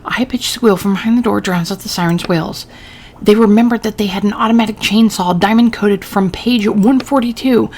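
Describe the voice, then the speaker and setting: A woman's voice: mid-range voice, brisk, a little mellow, slight background noise. Woman reading game text, dry asides. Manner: casual, wry asides between read lines. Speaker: gaming channel host. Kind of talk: reading game text aloud while playing.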